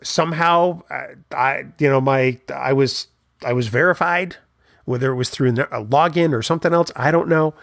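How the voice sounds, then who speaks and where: A man's voice: mid-range voice, moderate pace, creaky, dry recording, studio quality. A man co-hosting a podcast, telling long funny anecdotes in casual chat. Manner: storytelling, animated anecdotes. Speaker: podcast co-host.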